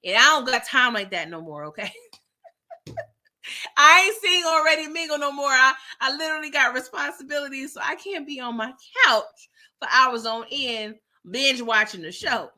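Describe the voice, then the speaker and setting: A middle-aged woman chats casually to her livestream viewers. Her voice is bright and sits a little high, and she talks in an animated way and laughs often. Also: normal speed. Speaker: livestream host reading viewer chat. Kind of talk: casual chat.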